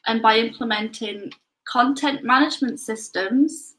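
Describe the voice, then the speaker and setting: A woman's voice: fairly high pitch, unhurried, a bit bright, rough recording. A woman with a North Yorkshire accent, slightly tinged with Scottish, co-hosting a casual chat and explaining things. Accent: North Yorkshire with a little Scottish. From North Yorkshire, England. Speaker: co-host.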